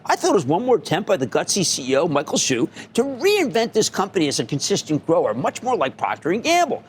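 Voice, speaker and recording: A man hosting a call-in stock market show, talking in a loud, excitable, rapid-fire way. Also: high-pitched, slight background noise. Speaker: host. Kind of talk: animated call-in stock commentary.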